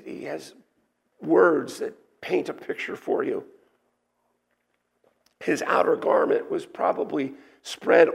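A man's voice: on the high side, gravelly. A man preaching a sermon, explaining a scripture passage verse by verse in a teacherly way, with asides and restarts. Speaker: pastor. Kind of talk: expository sermon.

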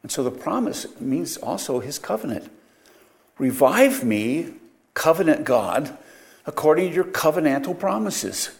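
A man's voice: fairly high pitch, sing-song, unhurried, gravelly. A man teaching a Bible study lecture, explaining verses with frequent rhetorical questions and self-corrections.

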